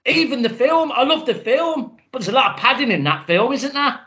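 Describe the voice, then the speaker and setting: A man's voice: very high voice, sing-song, fairly quick, sharp tone. A man from the co-hosting a casual chat, laughing often and ending lines with tag questions. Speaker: podcast co-host. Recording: dull lo-fi sound.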